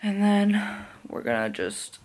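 Slow-talking young woman vlogger. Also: big pitch swings, darkish tone. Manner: baby talk to a puppy, high squeals. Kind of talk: casual vlog chat.

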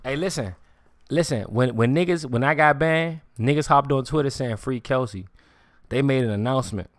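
Dry-voiced streamer ranting, swearing freely. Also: male voice, mid-range voice, a little fast, no room sound. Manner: repetitive, keeps saying "you hear me", swears freely; slang-heavy street talk. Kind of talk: casual live-stream rant.

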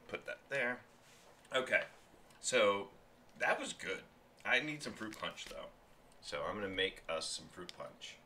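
Brief: low-pitched male food reviewer, loose and chatty, noisy home setup. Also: expressive, a little slow, pushed and bright. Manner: rambling, chatty, talks while chewing. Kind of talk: casual food-tasting stream chat.

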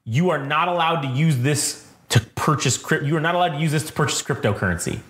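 A man co-hosting a podcast, chatting casually and telling stories in an animated, profane, ranting way. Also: a little high, fast. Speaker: podcast co-host. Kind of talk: casual chat and storytelling. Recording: roomy echo.

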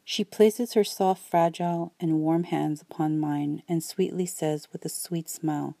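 A woman reading a first-person story aloud as an audiobook narrator, in a calm, steady way. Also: sits low, normal speed, few pauses, no room sound.

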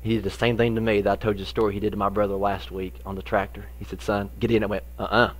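Folksy preacher telling a story. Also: male voice, fairly low pitch, racing. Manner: folksy storytelling, animated in the funny parts, softer when serious. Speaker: pastor. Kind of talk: sermon with personal story.

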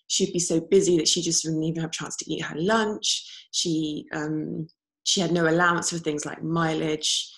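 A woman speaking as a panellist on an online discussion, telling a story in an earnest way over a video call. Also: low-pitched. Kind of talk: panel talk.

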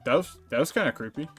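A young man narrating a let's play, joking around and reacting loudly to the game. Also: mid-range voice. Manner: excitable, jokey, squeals when startled. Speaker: gaming YouTuber.

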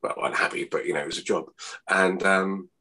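A man, rambling and laughing as he chats in an interview, his voice not yet warmed up. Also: low-pitched, fairly even intonation, brisk. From Hertfordshire, England. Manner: rambling, chatty, laughs often, says mate. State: voice not warmed up, early morning. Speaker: impressionist guest. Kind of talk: casual interview chat.

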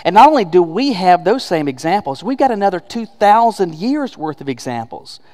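Emphatic preacher in an echoing church. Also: male voice, sits high, big pitch swings, moderate pace, a little mellow. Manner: emphatic, conversational preaching with rhetorical questions. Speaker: pastor. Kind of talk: sermon. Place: church sanctuary.

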